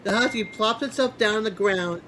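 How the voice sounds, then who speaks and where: A woman in a casual chat with friends, giggly and animated as she swaps pet stories. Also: medium pitch, normal speed, a little hiss or hum.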